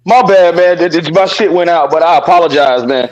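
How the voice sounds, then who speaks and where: A podcast co-host speaks with a slightly high, slightly quick voice, recorded dry with the highs cut off. He talks earnestly in casual, heartfelt podcast fashion, repeating phrases and swearing offhandedly while offering support over a remote call.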